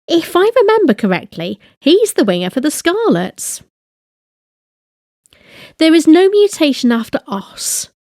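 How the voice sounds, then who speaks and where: A woman giving a slow, deliberate grammar lesson, reading example phrases and translating them. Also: high-pitched, big pitch swings, a little mellow, no echo, clean studio sound. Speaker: language teacher.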